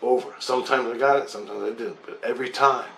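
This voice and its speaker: A man's voice: medium pitch, fairly even intonation, fast, vocal fry, bright, forceful tone. A middle-aged man telling a long personal story in a rambling, profane, intense way. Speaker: vlogger telling his own experience. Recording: echoey room with faint background noise.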